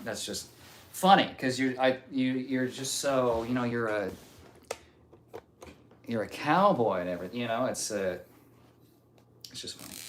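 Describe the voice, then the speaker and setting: A man's voice: medium pitch, measured pace, pauses often, a little hiss or hum. A man streaming live, reading viewer messages aloud in a joking, off-hand way. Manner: joking, off-hand, reads messages out one after another.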